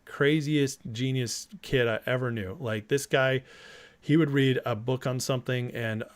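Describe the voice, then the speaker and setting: A man hosting a casual political livestream, talking excitedly and emotionally and reading viewer comments aloud. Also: mid-range voice, a little slow. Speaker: livestream host.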